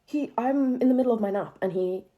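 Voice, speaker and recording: A woman's voice: a little high, fairly quick, narrow, tinny audio. A young woman telling a dramatic personal storytime, swearing often and punching her lines with sudden bursts of emphasis. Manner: expressive, profanity-heavy, dramatic retelling with bursts of emphasis. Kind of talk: storytime monologue.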